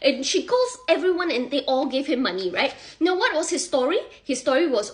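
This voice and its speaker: A young woman telling a gossip story casually on social media, sassy and animated, acting out the quoted lines. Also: sits high, brisk.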